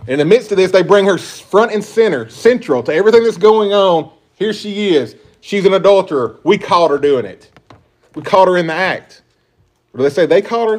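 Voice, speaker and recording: Male preacher, sermon, emphatic, rhetorical questions, slightly high voice. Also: expressive, moderate pace, a little mellow. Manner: emphatic, rhetorical questions, shifting pitch and volume. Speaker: pastor.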